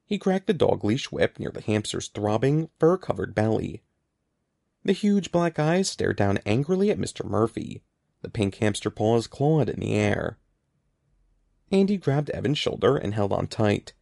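A man reading a children's story aloud with a lively, rising and falling delivery. His voice carries a gravelly texture, and the recording is close and dry with no room sound. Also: lowish voice, unhurried, no echo. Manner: expressive, animated reading. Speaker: narrator. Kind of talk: audiobook reading.

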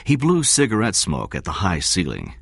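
Low, husky male storyteller. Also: wildly swooping pitch, no echo, clean studio sound. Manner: measured storytelling. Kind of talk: scripted narration of a story.

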